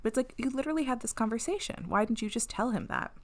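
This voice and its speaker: A woman's voice: a little high, expressive, fast talker. A woman co-hosting a podcast, recapping an episode in a chatty way and laughing often. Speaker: podcast co-host.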